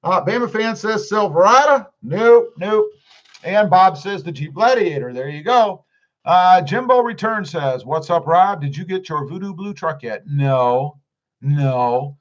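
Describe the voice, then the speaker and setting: Male streamer, casual chat reader, animated and slightly high, dull lo-fi audio. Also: a little slow. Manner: reads viewer comments aloud and answers them. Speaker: livestream host reading chat.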